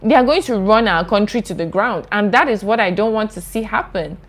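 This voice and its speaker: A young woman talks straight to her viewers. She reads their comments aloud, then answers with earnest, impassioned conviction, her speech full of casual "like"s. Her voice sits at a middle pitch. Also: fairly quick. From Nigeria. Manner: earnest, impassioned, chatty with frequent "like". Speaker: YouTuber host. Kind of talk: live video reading viewer comments.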